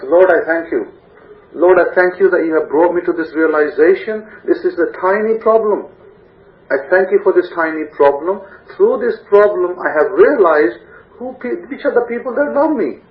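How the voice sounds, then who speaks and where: Preacher man on a tinny echoey line. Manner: impassioned, acts out the sufferer's laments in a higher voice. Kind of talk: sermon. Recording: echoey, tinny phone-like sound.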